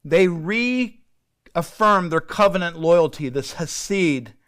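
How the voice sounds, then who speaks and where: A male pastor leading a Bible study, retelling the story in a relaxed, conversational way and acting out bits of dialogue. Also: on the high side, takes it slowly, clean tone.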